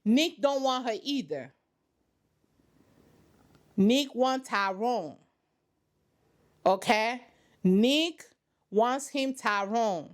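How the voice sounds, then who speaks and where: A woman's voice: a little high, drawn-out words, pauses often. A woman hosting a reaction channel, giving sassy, dramatic running commentary on a reality show from her couch at home.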